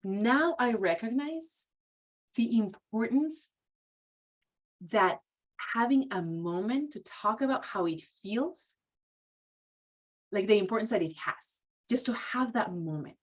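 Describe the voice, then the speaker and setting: Woman, professional training presenter, casual and chatty, somewhat high voice. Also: expressive, slow pace, long pauses. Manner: casual, full of "like" and "you know", acts out quotes. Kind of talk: conversational training talk.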